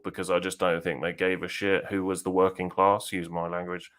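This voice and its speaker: A man's voice: low-pitched, steady tone, normal speed, a bit bright. A man with a southern English accent, co-hosting a podcast in blunt, casual chat and laughing easily.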